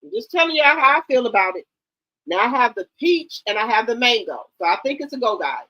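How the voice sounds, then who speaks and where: Middle-aged woman, livestream host, high voice, blunt and emphatic casual chat. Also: big pitch swings, brisk, sharp tone, muffled recording. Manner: blunt, emphatic, repeats herself.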